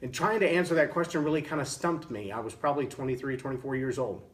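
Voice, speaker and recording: A man's voice: mid-range voice, fast, recorded from a distance. A middle-aged man from Texas, hosting a motivational talk and telling a story in an earnest way, often restarting his words. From Texas, USA. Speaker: show host giving leadership lessons.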